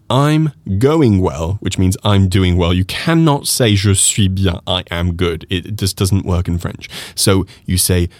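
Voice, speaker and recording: On a podcast, a deep-voiced man teaches French pronunciation with no echo in the recording. He is lively and animated, slowing down to repeat phrases for the listener.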